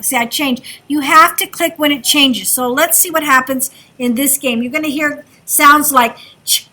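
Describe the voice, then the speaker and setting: A woman's voice: high-pitched, fairly even intonation, moderate pace, few pauses, sharp tone. A woman teaching a kindergarten class, talking in an encouraging sing-song way to small children. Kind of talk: classroom instruction.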